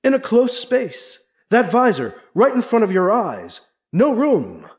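A man voicing a sinister alien who slowly taunts a trapped man, repeating himself with creeping menace. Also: sits high, wildly swooping pitch, a little mellow, slightly rough, pitched above the performer's own voice, full character voice. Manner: slow, creeping, repetitive menace.

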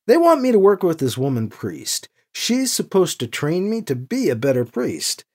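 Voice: medium pitch, wildly swooping pitch, normal speed, a little mellow. A narrator voicing a weary male priest who talks in a wry, muttering, self-deprecating way.

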